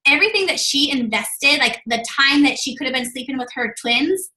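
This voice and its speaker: A woman's voice: high-pitched, lively intonation, a little fast, sharp tone, roomy sound, low-quality recording. A woman hosting a team video call, gushing and effusive with lots of fillers.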